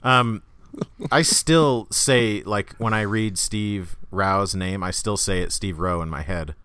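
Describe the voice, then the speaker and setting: A low-voiced man co-hosting a podcast, talking in a loose, rambling way with a lot of laughter. His tone is smooth and clear, and he pokes fun at himself as he goes. The recording is close and dry. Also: slow pace, fairly bright tone, dry recording. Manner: rambling, self-mocking, laughs often. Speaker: podcast co-host. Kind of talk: casual chat.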